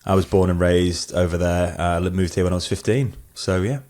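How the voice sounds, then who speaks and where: A man in his forties with a low voice, from New Zealand. He chats easily as a guest and lets his sentences fade out quietly. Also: fairly even intonation, a little fast. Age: 40s. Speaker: guest, wedding photographer. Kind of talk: casual interview chat.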